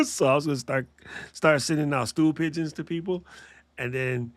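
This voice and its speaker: A man hosts a live podcast stream from a home studio in an easygoing, slangy way, cracking jokes and laughing at himself as he goes. His voice sits at an ordinary pitch, and the sound is dry and close on the mic. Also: steady tone, normal speed, a bit bright, no room sound. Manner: joking, laughs often, slangy. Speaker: podcast host. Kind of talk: casual livestream chat.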